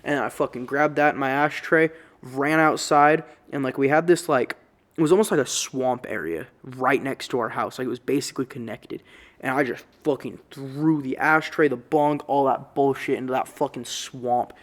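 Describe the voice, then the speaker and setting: A man's voice: mid-range voice, moderate pace, fairly bright tone. A man casually telling a story-time vlog in a rambling way, full of swearing and slang. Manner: rambling, profane, loose slang. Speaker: YouTuber.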